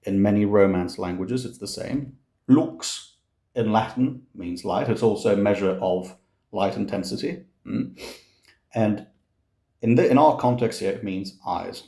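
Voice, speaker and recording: A man teaching Italian diction to singers, explaining words slowly and patiently, repeating each one as a model and often murmuring "mm". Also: on the low side, vocal fry, warm tone, reverberant. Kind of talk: relaxed explanatory lesson.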